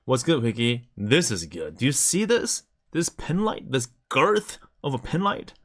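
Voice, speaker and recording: Animated male streamer showing off merch. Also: mid-range voice, a little slow. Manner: enthusiastic, shows off items to camera. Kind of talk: casual live-stream chat.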